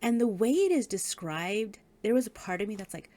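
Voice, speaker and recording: Animated woman chatting about a book. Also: medium pitch, fairly quick. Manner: animated, laughs often, swears casually. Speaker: book reviewer. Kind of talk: casual book review vlog.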